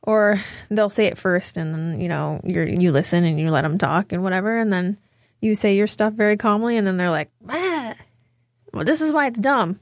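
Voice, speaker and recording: A woman's voice: fairly low pitch, a little fast, no echo, studio quality. Woman telling stories on a podcast. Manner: storytelling, acting out quoted exchanges. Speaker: podcast co-host. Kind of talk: casual chat.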